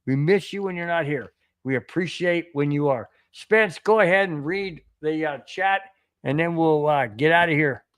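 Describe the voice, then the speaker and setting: A man's voice: on the high side, normal speed, a bit bright, clear, resonant tone, dry recording, studio quality. A man hosting a sports podcast in an earnest, casual way, often repeating and restarting his words. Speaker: podcast host. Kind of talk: casual live-stream chat.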